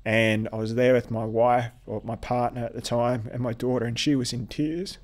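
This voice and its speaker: A man from Australia, a podcast guest telling a personal story in a halting way, often repeating words. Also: medium pitch, flat delivery.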